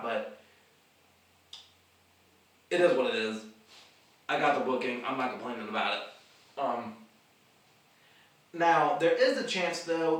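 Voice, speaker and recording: A man hosting his own vlog, rambling about his wrestling goals, stumbling over words and restarting sentences, in a casual monologue. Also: medium pitch. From the Carolinas. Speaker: independent wrestler and vlog host. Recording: echoey room, mic at a distance.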